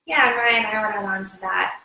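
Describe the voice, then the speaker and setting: A woman co-hosting a live wellness webinar, reading questions and adding advice in a calm, clear way. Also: mid-range voice, fairly quick. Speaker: webinar co-host. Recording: echoey, distant mic, faint noise.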